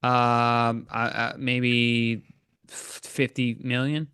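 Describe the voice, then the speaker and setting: A man's voice: medium pitch, level tone, drawn-out words, pushed and bright, clean tone, dry recording, studio quality. A man on a boxing panel who cuts in on others and repeats words when he jumps in. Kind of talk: panel debate.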